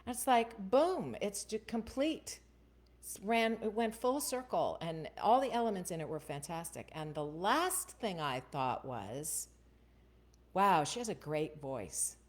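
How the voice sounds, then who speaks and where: A woman's voice: mid-range voice, big pitch swings, a little slow. A woman hosting a voiceover Q&A, chatting casually and often checking in with "right?". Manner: chatty, keeps asking "right?". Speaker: voiceover coach and host. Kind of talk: casual Q&A livestream.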